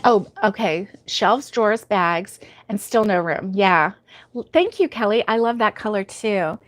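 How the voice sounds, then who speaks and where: A woman's voice: mid-range voice, lively intonation, measured pace. A middle-aged woman hosting a live crochet stream, chatting casually, laughing often and reading out viewer comments.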